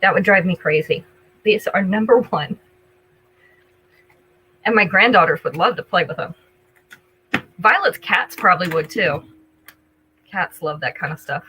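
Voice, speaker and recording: A woman's voice: fairly low pitch, expressive, measured pace, pauses often, sharp tone, slight background noise, rough recording. An older woman hosting a live jewelry sale, chatting casually with viewers, greeting them by name and describing each item. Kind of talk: casual live-stream selling chat.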